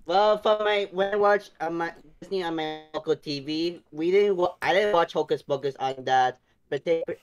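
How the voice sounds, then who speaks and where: A young man co-hosting a casual online chat, sounding sheepish and apologetic, often halting. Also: on the high side. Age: young adult. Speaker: co-host.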